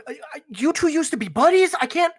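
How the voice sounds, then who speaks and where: A woman's voice: high voice, expressive, fairly quick, pitched above the performer's own voice. A woman voicing a panicked young man who is lost in the woods, frantic and swearing.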